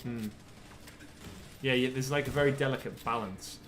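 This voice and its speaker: A man's voice: mid-range voice, normal speed, a bit bright, a little hiss or hum. A man co-hosting a livestream, chatting casually and calling out the action as he plays a shooter game. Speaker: livestream co-host. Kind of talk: casual gameplay commentary.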